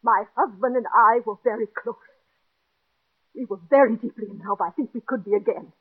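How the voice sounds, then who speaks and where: A distraught, jealous wife. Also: female voice, fairly high pitch, normal speed, slightly rough. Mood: confessing. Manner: pleading, overwrought, breathless. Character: distraught jealous middle-aged wife, neurotic. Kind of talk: 1940s radio acting. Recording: tinny old radio broadcast.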